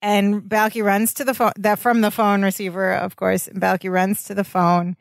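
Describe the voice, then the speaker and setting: A woman's voice: medium pitch, level tone, normal speed, gravelly, no echo, clean studio sound. A woman co-hosting a podcast, casually recapping a sitcom episode and acting out the characters' lines. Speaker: podcast co-host.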